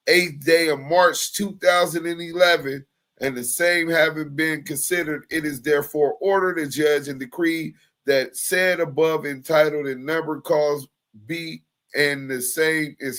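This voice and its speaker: A man's voice: a little high, a bit bright. A man on a casual livestream, reading court papers and emails aloud in a laid-back way, chuckling often. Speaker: livestream commentator.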